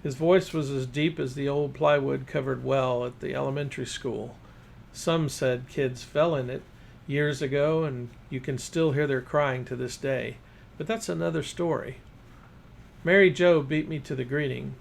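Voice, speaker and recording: A man's voice: mid-range voice, steady tone, normal speed, vocal fry, a little hiss or hum. A man reading his first-person fiction aloud as narrator.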